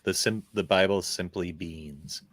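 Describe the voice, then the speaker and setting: A man's voice: low voice, a little slow, no room sound. A man in a casual online group chat, laid-back and chuckling as he comments. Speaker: chat participant.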